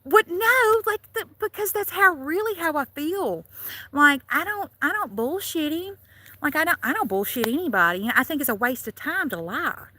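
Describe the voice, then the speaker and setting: A woman's voice: high-pitched, expressive, normal speed, sharp tone, slight background noise. A woman from Louisiana with a Southern accent, chatting on a casual live stream, rambling and laughing often. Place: in and around a car.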